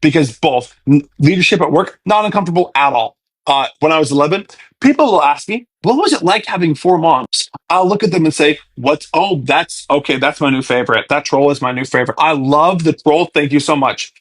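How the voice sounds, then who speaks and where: A man's voice: a little high, lively intonation, a little fast, breathy edge, no echo. A man in his twenties answering viewer questions on a casual livestream, chatty and thanking viewers as he reads comments. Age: 20s.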